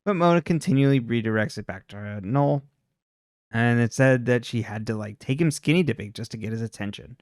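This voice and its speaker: Chatty man recapping in a dry, clear voice. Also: mid-range voice, darkish tone, no room sound. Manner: rambling, filler-heavy retelling with quick quoted asides. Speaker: podcast co-host recapping a TV episode. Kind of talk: casual recap chat.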